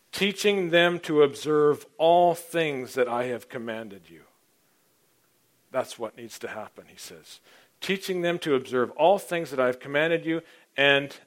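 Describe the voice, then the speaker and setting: Preaching in a casual, meandering style, this man keeps clearing his throat. He lurches between loud, emphatic lines and hushed side remarks, and his voice is mid-range.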